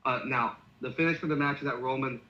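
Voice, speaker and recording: A man's voice: medium pitch, fast talker, pushed and bright, highs cut off. A man co-hosting a podcast, casually narrating a fantasy wrestling storyline. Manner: acts out wrestlers' lines in quoted voices.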